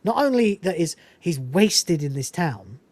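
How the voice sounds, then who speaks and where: A woman's voice: fairly low pitch, big pitch swings, a little slow, a little mellow, dry recording. A woman hosting a podcast, chatting casually and enthusiastically about a film, swearing freely and laughing often. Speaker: podcast host reviewing a film. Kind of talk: casual chat.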